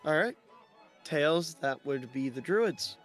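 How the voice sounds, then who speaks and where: Casual, slightly high-voiced male game master. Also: lively intonation, slow, soft background music. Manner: casual, loose narration with fillers. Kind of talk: narrating a tabletop game.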